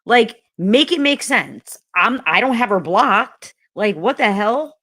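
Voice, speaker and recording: Blunt, slow-talking woman streamer. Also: fairly high pitch, animated, a bit bright, no room sound. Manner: blunt and profane, talking straight to the chat. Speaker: livestream host. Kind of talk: casual livestream chat with viewers.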